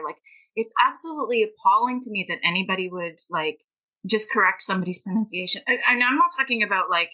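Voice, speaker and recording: Bright-voiced woman talking with passion. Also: medium pitch, expressive, quick pace, poor audio. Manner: passionate, emphatic and talkative. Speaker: guest author and ESL teacher. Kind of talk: podcast interview conversation.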